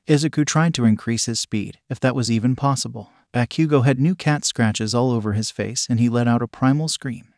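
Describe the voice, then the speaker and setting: Even-toned male fan-fiction narrator. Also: medium pitch, no echo, studio quality. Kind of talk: reading fan fiction aloud.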